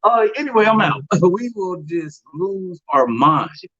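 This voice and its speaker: A man's voice: high-pitched, animated, takes it slowly, sharp tone. A man co-hosting a casual late-night chat show, joking in a slangy way. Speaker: podcast co-host. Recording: lo-fi dull sound.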